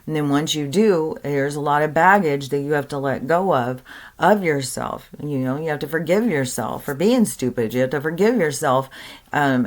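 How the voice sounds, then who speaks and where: A woman giving an earnest, rambling spiritual monologue to camera, full of fillers and restarts. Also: sits low. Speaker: spiritual content creator.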